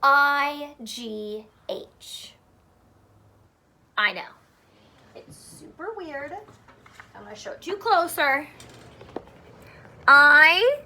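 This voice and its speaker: Woman, teacher, phonics lesson for young children, slow and clear, sing-song, playful, high voice. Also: expressive, sharp tone.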